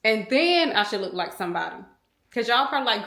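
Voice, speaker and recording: An American beauty vlogger in her thirties rambles casually to her viewers from a room at home, calling them y'all. Her high voice is very animated, quick, pushed and bright, caught on a small handheld camera with reverberant sound.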